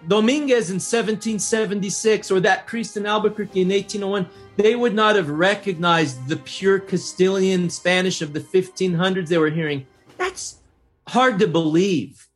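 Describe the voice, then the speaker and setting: High-voiced, emphatic New man. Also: normal speed, faint music behind. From northern New Mexico. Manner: emphatic, animated, frequent restarts. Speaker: state historian, podcast guest. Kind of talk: casual podcast conversation.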